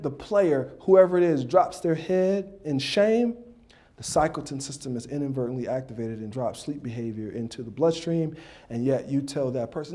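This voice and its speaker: A man giving a motivational speech at a dinner. He tells animated stories, throws questions at the audience and adds sound effects. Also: on the high side, normal speed. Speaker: motivational speaker and coach. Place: dinner banquet.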